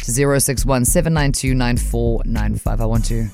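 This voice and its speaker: A man's voice: mid-range voice, normal speed, gravelly, music in the background. A man co-hosting a radio show, asking eager questions in casual banter. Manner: curious, eager, animated questions. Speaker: radio co-host.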